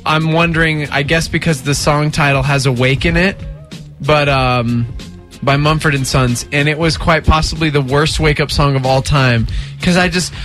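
A man's voice: a little high, steady tone, normal speed, fairly bright tone, faint music behind. A man hosting a morning radio show in casual banter, upbeat and chatty, laughing often, with a sleepy morning voice. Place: radio studio. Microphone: studio microphone.

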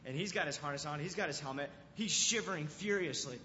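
Talking fast in a fairly high pitch, the young pastor tells stories to his youth group and plays out the scenes, peppering everything with "like" and "right?". The audio is lo-fi and muffled, with reverb from the hall and a faint hiss or hum.

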